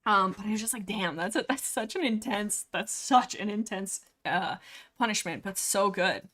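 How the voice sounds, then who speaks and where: A young Canadian woman chats through a book on her livestream. She talks at a middling pitch, rambling excitedly and circling back with fillers and restarts. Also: normal speed. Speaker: livestream host. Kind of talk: casual book discussion livestream.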